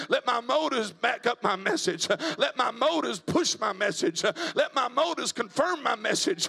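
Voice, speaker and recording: A male evangelist, preaching a sermon in a church, moving from quiet talk to shouted preaching. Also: high voice, vocal fry. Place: church sanctuary.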